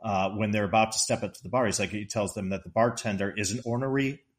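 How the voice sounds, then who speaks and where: A man co-hosting a podcast, casually retelling movie scenes in an animated way, laughing often and quoting the characters in a raised voice. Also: lowish voice, fast. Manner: laughs often while talking. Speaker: podcast co-host discussing a movie.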